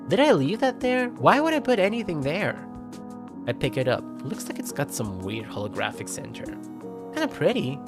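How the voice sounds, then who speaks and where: A man streaming himself reading a visual novel aloud, expressive, with sudden yelps and laughs. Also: fairly low pitch. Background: game music.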